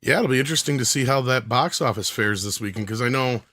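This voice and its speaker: A man co-hosting a casual livestream chat, joking and trading quick asides. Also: medium pitch, bright, forceful tone, dry recording, clean studio sound. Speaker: co-host.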